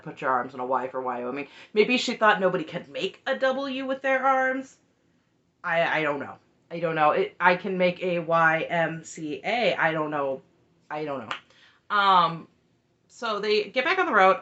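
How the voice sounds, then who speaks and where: A woman's voice: mid-range voice, sharp tone, lo-fi sound. A woman casually recapping a reality show, chatty and opinionated, often tossing in "just saying.". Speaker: recap vlogger.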